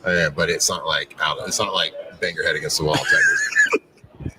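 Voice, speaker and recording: Guest in his 40s, low lively voice, joking and easygoing, mic a bit distant. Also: normal speed, a little hiss or hum. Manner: laid-back, joking, rambling with fillers. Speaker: former quarterback guest. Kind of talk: casual interview chat. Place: radio row at a media event.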